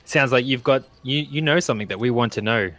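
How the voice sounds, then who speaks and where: A man's voice: mid-range voice, fast talker, fairly bright tone, lightly acted. A man voicing an eccentric, cryptic old man whose accent slides between British and Russian.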